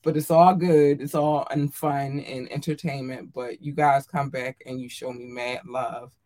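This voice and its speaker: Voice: mid-range voice, level tone, measured pace, dark tone. A podcast host in casual solo chat, effusive and affectionate toward listeners, talking with frequent ums and little laughs. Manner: effusive and affectionate, calls listeners darlings and babies.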